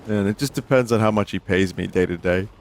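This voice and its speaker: A man's voice: fairly low pitch, brisk, slight background noise. A man in his thirties giving casual, dry-humored commentary while playing a video game and talking to his chat. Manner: dry, joking, talks to chat. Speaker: streamer.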